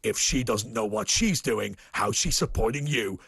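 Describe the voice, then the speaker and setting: A man putting on an American accent to voice an ominous male announcer of a political attack ad, slow and sinister. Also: fairly low pitch, lively intonation, creaky, fairly bright tone, breathy edge, no room sound, voice pushed down, heavily acted. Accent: American, put on. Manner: slow, sinister, dramatic delivery.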